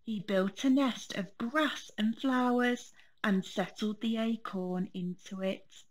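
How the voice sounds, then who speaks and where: Woman teacher, storybook reading, gentle, expressive, slow pace. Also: on the high side, a little hiss or hum.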